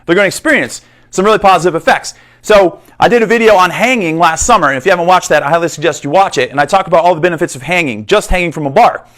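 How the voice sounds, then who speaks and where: Male fitness coach, upbeat and direct, quick delivery with a slightly high voice, long reverb around him. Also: a bit bright. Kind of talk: instructional fitness explainer.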